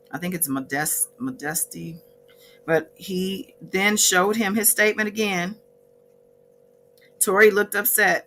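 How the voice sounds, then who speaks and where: A woman's voice: on the low side, a bit bright. A woman vlogger casually recapping a court day from her notes, with chatty asides and frequent self-corrections.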